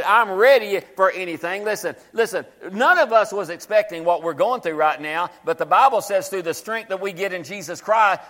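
High-voiced preaching man in echoey hall. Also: a bit bright. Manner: preaching with call-and-response, repeating scripture lines. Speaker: pastor. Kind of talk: sermon. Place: church sanctuary.

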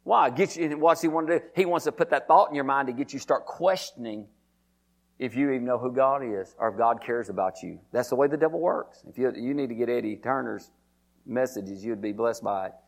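A man's voice: medium pitch, brisk, gravelly. A man, a pastor preaching a sermon, reading scripture aloud and calling out to his congregation.

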